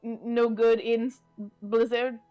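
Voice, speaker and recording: Questioning woman player, high voice. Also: level tone, measured pace, mellow, clear, resonant tone, soft background music. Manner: questioning, stammering slightly. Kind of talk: casual chat at a tabletop game.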